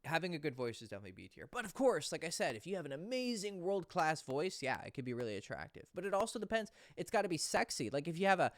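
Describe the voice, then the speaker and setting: A man's voice: fairly high pitch, dry recording, clean studio sound. Blunt, casual male dating coach. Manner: blunt, casual, swears, reads out viewer questions. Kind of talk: casual livestream talk.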